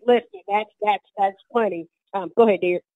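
A woman's voice: mid-range voice, fairly quick, no echo, narrow, tinny audio. A woman co-hosting an interview, reacting in a chatty and amused way. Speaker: co-host. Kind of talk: casual interview chat.

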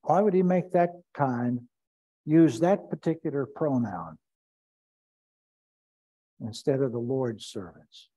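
Slow, mellow-voiced man teaching Bible study. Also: medium pitch, animated, rough recording. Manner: slow, deliberate, repeats key phrases. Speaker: pastor.

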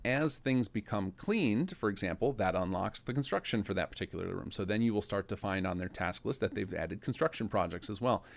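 Gravelly low-voiced man explaining a game. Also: lively intonation, fairly quick, few pauses. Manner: casual, explanatory, thinking aloud. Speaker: game mod developer. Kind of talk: screen-recorded game walkthrough.

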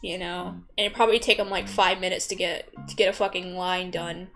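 A woman's voice: on the low side, steady tone, fairly quick. A young woman rambling casually as she draws, swearing a lot, mocking herself and laughing often. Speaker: artist vlogger. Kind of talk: casual rambling commentary while drawing. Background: soft background music.

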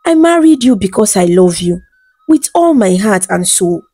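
A woman's voice: medium pitch, big pitch swings, moderate pace, warm tone, no room sound, soft background music. A woman reading the lines of a devoted young husband in an audiobook-style folktale, earnest and loving. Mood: tender.

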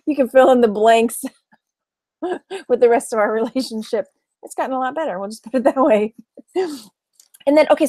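An online reseller vlogger, a middle-aged woman from Texas, chats casually to camera about her week and her reselling business. Her voice is a little high with a darkish tone, there's no room sound, and she laughs often and imitates her mother.

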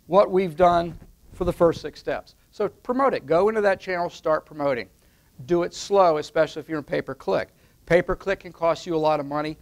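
A man's voice: a little high, gravelly. A man explaining online marketing steps at a whiteboard, emphatic and repetitive, often checking in with "okay?". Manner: step-by-step, emphatic, repeats with "okay?". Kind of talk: instructional talk at a whiteboard.

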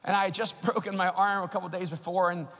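High, bright-voiced man preaching passionately. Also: level tone, fast. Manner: impassioned storytelling, swinging between quiet and shouted. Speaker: pastor. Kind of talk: conference sermon. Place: large conference arena. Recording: echoey arena sound with long reverb.

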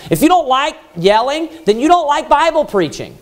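Loud high-pitched man preaching. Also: very animated, moderate pace. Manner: preaches loudly, rising to yelling; emphatic, repeats phrases. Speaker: pastor. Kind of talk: loud Baptist sermon.

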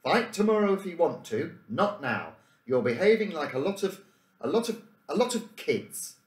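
A man's voice: fairly high pitch, big pitch swings, moderate pace, voice pushed up. A man doing the Professor, a prim schoolboy. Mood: sharp. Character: sensible bossy schoolboy leader, precise. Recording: roomy room echo.

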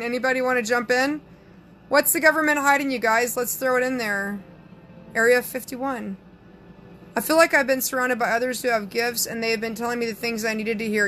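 Southern woman psychic, brash and chatty, bright edgy tone, faint room hiss. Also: on the high side. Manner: sassy, brash, reads viewer comments aloud. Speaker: psychic answering live chat. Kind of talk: casual live-stream chat.

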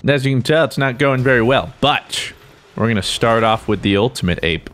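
A young man giving excitable, joking gameplay commentary, talking to himself as he plays. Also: medium pitch, moderate pace, slight background noise. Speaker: gaming YouTuber.

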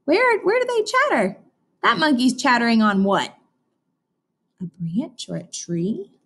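A woman's voice: sits high, big pitch swings, measured pace, a bit bright. A woman teacher reading a picture book aloud to children, asking them questions and imitating animal sounds. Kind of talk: children's read-aloud lesson.

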